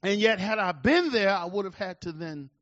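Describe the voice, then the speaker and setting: A man in his forties preaching a sermon, calling out to the congregation and swinging between loud declarations and hushed, slow asides. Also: sits high, lively intonation, dry recording, dull audio. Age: 40s. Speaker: pastor.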